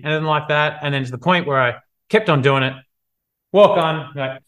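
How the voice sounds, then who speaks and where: A man giving an energetic motivational talk on live video, acting out little scenes as he goes. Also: on the high side, normal speed. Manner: energetic, animated, acts out scenes. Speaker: business coach.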